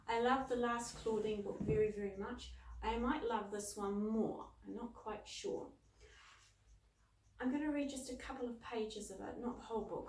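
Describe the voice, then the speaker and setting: A woman's voice: mid-range voice, darkish tone, slight background noise. A woman reviewing a children's book and reading from it aloud, in a playful, self-deprecating way. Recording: roomy, distant mic.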